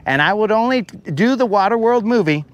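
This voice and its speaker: A man's voice: sits high, animated, moderate pace. A man hosting a live fishing stream from a boat, chatting casually in a playful, rambling, slang-heavy way. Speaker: fishing livestream host. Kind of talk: casual chat. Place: boat on a lake, outdoors.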